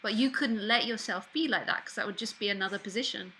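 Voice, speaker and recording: A woman's voice: mid-range voice, brisk, bright, forceful tone, slight background noise, poor audio. A woman leading a spiritual call-in talk, playful and direct, laughing often. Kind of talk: casual spiritual dialogue.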